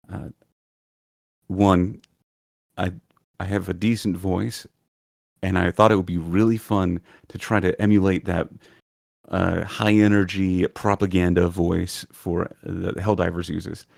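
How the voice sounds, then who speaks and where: Man, podcast guest, very low pitch, gravelly, hesitant and thoughtful. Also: steady tone, slow pace, pauses often, darkish tone, no room sound, clean studio sound. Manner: thoughtful, hesitant with frequent ums. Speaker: podcast guest, lore video creator. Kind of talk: casual interview chat.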